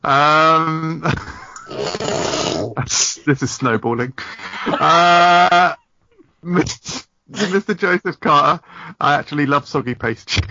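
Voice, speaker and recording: A man's voice: on the high side, animated, extremely slow, long pauses, pushed and bright, muffled recording, a little hiss or hum. Giggly, rambling podcast host man. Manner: giggly, rambling, reads comments aloud with fillers. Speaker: podcast host reading listener comments. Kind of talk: casual podcast chat.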